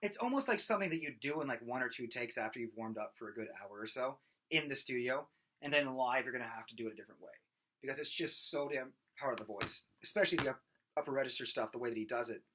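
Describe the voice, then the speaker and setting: A man's voice: mid-range voice, animated, fast. A man giving a casual singing lesson, explaining in a loose, rambling way with plenty of fillers and restarts. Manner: loose, rambling explanations broken by loud belted and screamed sung examples. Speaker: vocal coach.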